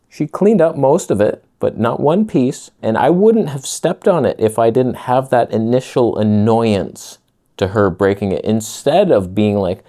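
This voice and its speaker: A man's voice: mid-range voice, warm tone. A young man ranting casually to camera in a sarcastic, crude way, slipping into mocking voices. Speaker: vlogger.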